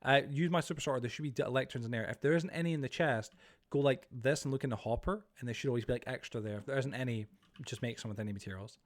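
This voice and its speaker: A young man hosts a casual livestream, rambling quickly through chat messages and game plans. His voice sits at an ordinary middle pitch. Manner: rambling, reads chat aloud. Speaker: streamer. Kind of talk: casual live-stream chat.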